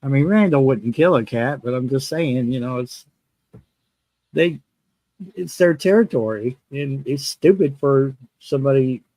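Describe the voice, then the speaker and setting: A host man with a mid-pitched, mellow voice chats and chuckles his way through anecdotes. The sound is dry and close, with no room. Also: measured pace, dry recording, rough recording. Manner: chuckling storyteller. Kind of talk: casual chat.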